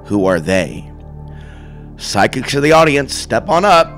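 A man from Portland delivering an impassioned sermon monologue, theatrical and swinging from murmurs to shouts. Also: mid-range voice, big pitch swings, measured pace, soft background music. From Portland, Oregon. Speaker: self-styled preacher.

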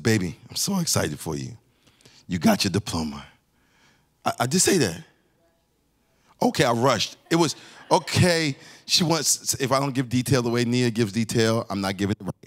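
Lively preaching pastor, a man. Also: medium pitch. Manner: lively, addresses the congregation directly, rising to near-shouts. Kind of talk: conversational sermon with storytelling. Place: church sanctuary.

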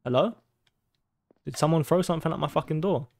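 A man's voice: a little high, brisk, creaky, darkish tone, no room sound. A man playing a horror game on his channel, swearing constantly, reacting jumpily and reading game text aloud. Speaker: gaming YouTuber. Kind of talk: horror game let's play commentary.

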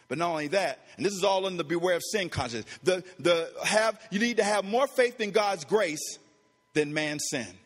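A pastor preaching a sermon emphatically, repeating phrases and swinging from quiet low asides to shouted peaks. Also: male voice, moderate pace, long reverb tail. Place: church.

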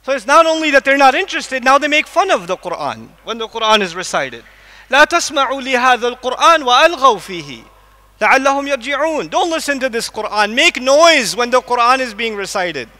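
A man's voice: very high-pitched, very animated, fairly quick, hardly any pauses, pushed and bright. A man giving a lecture to a live audience in a large mosque hall, quizzing the listeners with repeated questions. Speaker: Islamic lecturer. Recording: long echo of a mosque hall.

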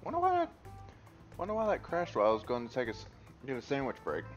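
Um streamer do sexo masculino faz comentários casuais e brincalhões durante uma transmissão ao vivo de um jogo. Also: male voice, medium pitch, wildly swooping pitch, fast talker, lo-fi sound, faint music behind. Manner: offhand, joking asides. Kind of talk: casual live-stream commentary.

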